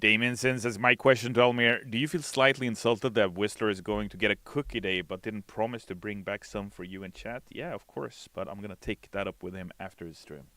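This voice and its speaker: Man with a bright, clear voice. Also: fairly low pitch, fairly quick, few pauses, no echo. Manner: relaxed, reads chat messages aloud and answers them. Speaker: game stream host. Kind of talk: casual livestream chat while playing. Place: studio.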